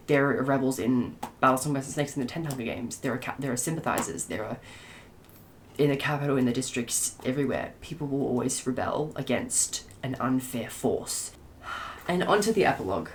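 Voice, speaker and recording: A woman with a low voice talks through a book she loves in a casual spoiler rant to camera. She gushes, trips over her own words and starts sentences again as her excitement runs ahead of her. A faint hiss sits under her voice. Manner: gushing and excitable, with many restarts. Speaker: book reviewer.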